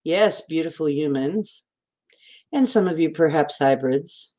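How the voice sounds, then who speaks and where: A woman's voice: sits low, measured pace, mellow. A woman hosting a casual live stream from home, greeting viewers by name and rambling in a giggly, stream-of-consciousness way. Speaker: livestream host.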